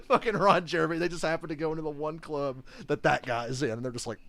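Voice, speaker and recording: A man chatting casually and reacting to a live game, swearing often, laughing a lot and getting excited. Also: on the high side, quick pace, background noise. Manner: profane, laughing, excitable banter.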